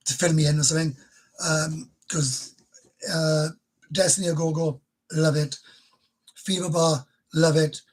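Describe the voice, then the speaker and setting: A husky, slightly high-voiced Welsh man in his fifties chats on a casual livestream. He rambles openly and emotionally, laughing between sentences. His voice sits a little above the usual range for a man. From Wales. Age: 50s. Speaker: livestream host. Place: bedroom.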